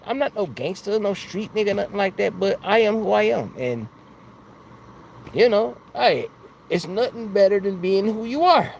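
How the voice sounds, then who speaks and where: Rambling, slangy man with a high voice. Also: gravelly, a little mellow, slight background noise. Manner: rambling, slangy, laughs often. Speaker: livestream host. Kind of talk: casual live-stream chat.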